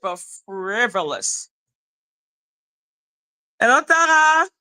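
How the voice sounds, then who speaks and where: A woman's voice: sits high, expressive, measured pace, pushed and bright, no room sound, poor audio. A woman live-streaming a heated, profane rant, scornful and mocking. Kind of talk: heated ranting commentary.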